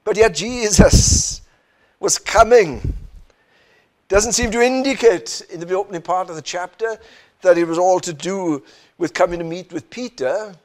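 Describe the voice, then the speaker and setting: Speaking in an unhurried, high-pitched voice, this preacher keeps his sermon earnest. He peppers it with rhetorical questions aimed at the listeners and leans often on "you know" and "isn't it."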